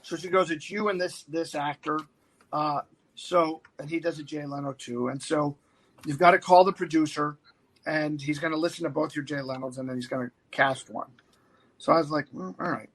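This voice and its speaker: A man in his fifties tells a long, lively anecdote in casual talk. His voice sits high and sounds bright and forceful. He keeps jumping into quick impressions of the people in the story. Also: low-quality recording. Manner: animated anecdote-teller who slips into quoted voices. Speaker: guest actor.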